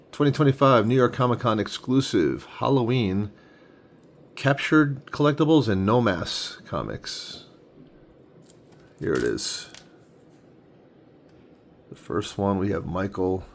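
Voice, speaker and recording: A man's voice: lowish voice, gravelly, a little hiss or hum. A man in his forties casually unboxing comics, thinking aloud with enthusiasm as he handles each one. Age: 40s. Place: home room with a tripod-mounted camera.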